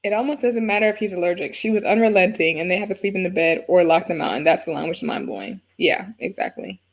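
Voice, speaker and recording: A woman hosting a casual live review chat, excitable and quick to laugh. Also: lowish voice, vocal fry. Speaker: host of a reality TV review show.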